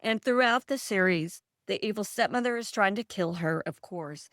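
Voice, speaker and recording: A woman's voice: mid-range voice, normal speed, fairly bright tone, dry recording. Chatty woman author, dry close sound. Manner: chatty, laughs often, rambling storyteller. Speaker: author guest. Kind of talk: casual interview chat.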